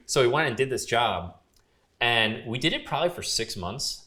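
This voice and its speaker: Speaking at a moderate pace, this young podcast guest, who works as a grip and gaffer, has an animated, mid-range voice that sounds pushed and bright. He relaxes into a long anecdote, leaning on plenty of filler words and repeating what others said.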